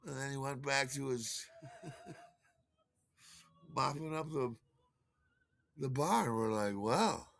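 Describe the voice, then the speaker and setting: A man's voice: medium pitch, huge pitch swings, slow, gravelly, long pauses, fairly bright tone, dry recording. An older man telling a rambling personal story, full of fillers, restarts and chuckles at his own tale. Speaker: podcast host.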